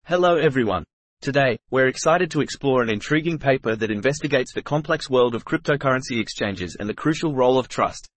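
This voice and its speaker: A man's voice: medium pitch, expressive, fairly quick, no room sound. Upbeat man co-hosting, dry sound. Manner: upbeat, polished scripted delivery. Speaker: podcast co-host. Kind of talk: scripted podcast discussion.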